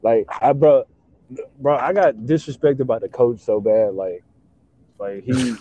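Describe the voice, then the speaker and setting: A young man in casual chat, excitable and slangy, swearing and stacking fillers as he talks. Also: mid-range voice, a little slow, dry recording. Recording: dull lo-fi sound.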